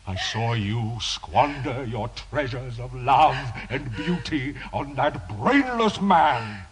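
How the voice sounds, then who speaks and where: An actor playing a tormented, obsessive priest in a radio drama, pleading and anguished, swinging between hushed murmurs and shouts. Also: male voice, medium pitch, lively intonation, slow pace, crowd noise, poor audio. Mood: hushed longing. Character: tormented obsessive male priest, middle-aged.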